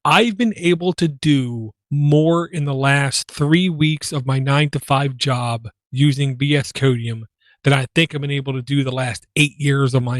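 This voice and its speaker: A man's voice: mid-range voice, dry recording. A man hosting a casual tech podcast, talking in a rambling, self-deprecating way. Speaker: podcast host.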